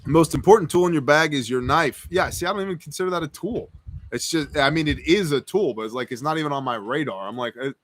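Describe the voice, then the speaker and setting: A man's voice: fairly high pitch, fast, no echo. A man hosting a live stream Q&A, reading viewer questions aloud and answering them in a casual, joking, rambling way. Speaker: host.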